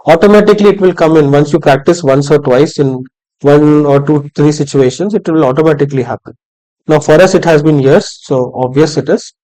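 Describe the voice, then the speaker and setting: A man's voice: on the high side, fairly quick, dark tone, rough recording. Man teaching public speaking, conversational. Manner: conversational, demonstrates tone with examples. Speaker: workshop speaker. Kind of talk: live workshop talk on public speaking. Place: room with small audience.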